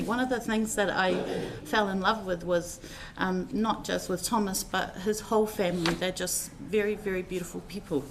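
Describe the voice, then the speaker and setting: A woman's voice: medium pitch, fairly even intonation, moderate pace, few pauses, a crowd in the background. A woman telling personal stories in a heartfelt, rambling eulogy, with many fillers as she speaks. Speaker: family member giving a tribute at a funeral service.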